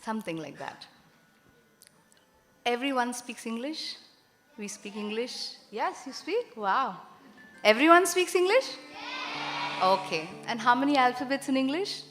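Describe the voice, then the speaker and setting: A woman's voice: on the high side, lively intonation, a little slow, fairly bright tone, soft background music. A woman presenting a concert on stage, chatty and teacherly, quizzing the audience. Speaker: carnatic vocalist presenting a concert. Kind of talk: explaining music to a live audience. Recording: reverberant concert hall.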